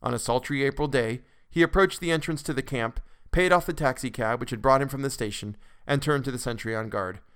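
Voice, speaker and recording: A man narrating a classic story for a podcast in a measured way, with occasional restarts. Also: mid-range voice, a bit bright, smooth.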